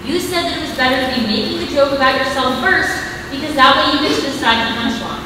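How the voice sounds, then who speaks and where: A woman voicing a calm, matter-of-fact inner voice on a theater stage. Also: sits high, fast talker, natural voice. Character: calm inner voice of the girl's conscience. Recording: echoey hall with long reverb from far off, noise.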